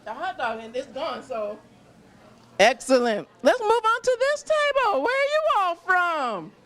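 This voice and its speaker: A woman's voice: extremely high pitch, sing-song, a little slow, a bit bright. A woman hosting on location in a restaurant, chatting with diners in a bubbly, gushing way and laughing often. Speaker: on-location host interviewing diners. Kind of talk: upbeat casual interviewing. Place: busy restaurant.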